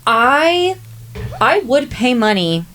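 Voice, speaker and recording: A woman's voice: on the high side, very animated, slow pace, bright, forceful tone. A young woman co-hosting a podcast in casual chat, slangy and enthusiastic. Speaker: podcast co-host.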